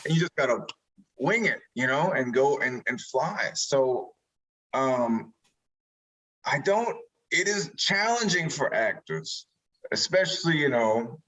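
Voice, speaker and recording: A man's voice: mid-range voice, slow pace, rough recording. Rambling man in casual interview. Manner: rambling, animated when retelling scenes. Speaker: actor being interviewed.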